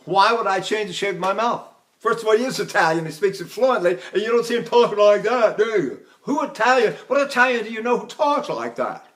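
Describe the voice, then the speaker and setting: Older male voice coach, high-pitched speaker, animated lecture delivery. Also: fairly quick. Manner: animated, breaks into sung and imitated examples. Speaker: voice teacher. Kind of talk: recorded vocal lecture with sung demonstrations.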